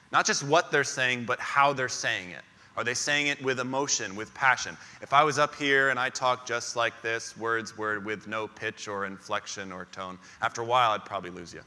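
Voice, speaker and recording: A man's voice: medium pitch, sharp tone, long reverb tail. A man preaching a sermon as pastor, emphatic and repeating key phrases in lists.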